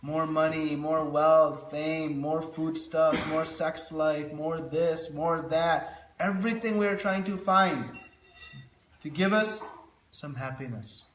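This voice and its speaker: A man's voice: on the high side, steady tone, takes it slowly, a bit bright, slight background noise. A man teaching a devotional scripture class, telling stories to illustrate his points. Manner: storytelling, illustrative. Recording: roomy echo.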